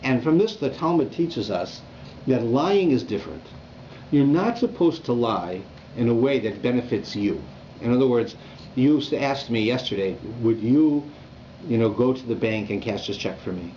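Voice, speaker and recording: A rabbi teaching a Torah class in a conversational, animated way, often checking in with "right?". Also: male voice, mid-range voice, normal speed. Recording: dull lo-fi recording with faint room noise.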